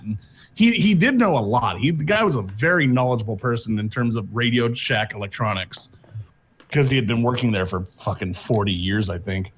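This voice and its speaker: A man's voice: mid-range voice, fairly quick, a bit bright, slight background noise. A man telling a long story in casual chat, rambling with many restarts. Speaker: streamer telling stories. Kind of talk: casual chat while gaming.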